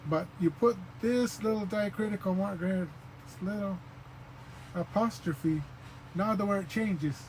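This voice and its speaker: A man giving an informal spoken language lesson, patient and repeating sounds slowly, with many fillers. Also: sits high, darkish tone, slight background noise, low-quality recording. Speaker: language teacher.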